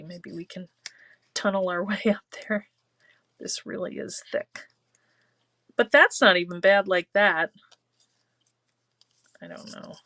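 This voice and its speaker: A woman's voice: medium pitch, a bit bright. A woman hosting a live crafting show. She chats casually and rambles, laughs often, and leans on "you know" while reading viewer comments. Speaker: host of a live craft stream.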